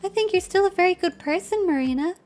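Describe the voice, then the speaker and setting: A woman reading the lines of a gentle, earnest young girl from a visual novel, in a soft, sincere and pleading way. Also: very high-pitched, expressive, fast talker, voice pushed up.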